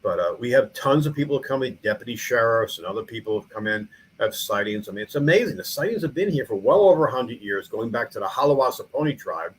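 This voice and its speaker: At a quick pace and medium pitch, a middle-aged man tells stories in a casual interview, the poor audio carrying a little hiss or hum. A small-town mayor and museum founder, he rambles animatedly, restarting frequently and using many fillers.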